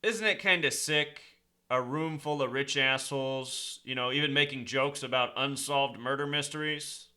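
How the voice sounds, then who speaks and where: A man's voice: medium pitch, normal speed, pushed and bright, a little hiss or hum. A man hosting his own video, delivering an indignant, insistent conspiracy commentary monologue. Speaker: online video host.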